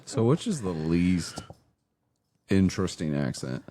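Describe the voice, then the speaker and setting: A man's voice: deep voice, very animated, a little slow, warm tone, slight background noise. A man co-hosting a casual podcast, laid-back and telling stories. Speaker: podcast co-host. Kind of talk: casual chat.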